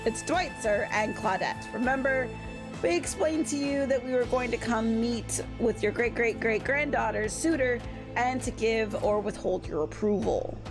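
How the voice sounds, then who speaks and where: A woman's voice: a little high, a little slow, over music. A woman voicing a nervous young man who fumbles through deferential titles in a game read-aloud. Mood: flustered.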